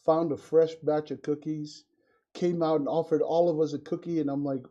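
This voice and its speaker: A man's voice: on the high side, steady tone, normal speed, mellow. A middle-aged father of four, reflective and affirming, in casual podcast conversation. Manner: affirming, reflective, says "right" often. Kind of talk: casual chat. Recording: dull lo-fi sound.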